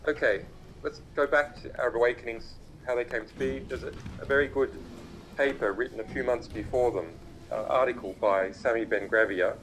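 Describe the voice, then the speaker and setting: Gravelly man speaking over a video link. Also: medium pitch, fairly even intonation, a bit bright, a little hiss or hum, rough recording. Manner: halting, many uh and um fillers and restarts. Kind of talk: remote public talk. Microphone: video call played through a laptop speaker.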